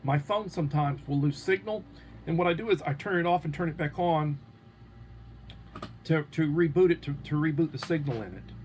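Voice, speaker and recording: A man's voice: a little high, normal speed, darkish tone, slight background noise. A man hosting a live stream, chatting casually and rambling as he answers viewers' comments. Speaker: livestream host.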